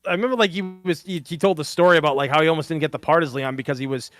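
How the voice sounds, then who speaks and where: A man's voice: on the high side, racing, fairly bright tone, no room sound. A young man co-hosting a gaming livestream, rambling casually with many fillers. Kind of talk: casual chat.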